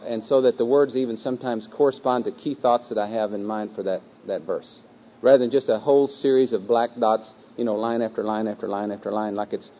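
A man leads a room through memorizing a scripture verse, patient and unhurried. He repeats each phrase slowly, with a few relaxed fillers along the way. The recording sounds dull and lo-fi, and his voice sits at an ordinary middle pitch for a man. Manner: patient, repetitive, slow chanting of phrases with a group. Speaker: teacher leading scripture memorization. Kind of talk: group teaching session. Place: room with a live group.

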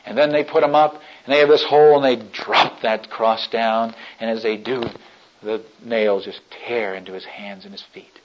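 A male preacher telling a story in a sermon, swinging between hushed and loud delivery. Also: medium pitch, fairly even intonation, moderate pace. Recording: dull lo-fi recording.

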